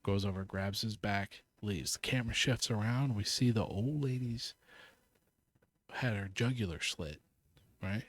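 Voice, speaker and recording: Speaking at a measured pace, this podcast co-host has a lowish voice recorded with no echo. He's animatedly recounting a film scene in casual conversation, acting out lines and swearing.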